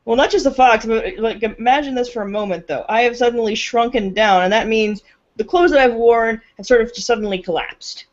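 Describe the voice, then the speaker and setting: A woman's voice: fairly high pitch, brisk. A woman playing a tabletop role-play game over voice chat, talking casually with lots of fillers and giggles. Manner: giggly, hesitant with many fillers. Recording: dull lo-fi voice chat audio.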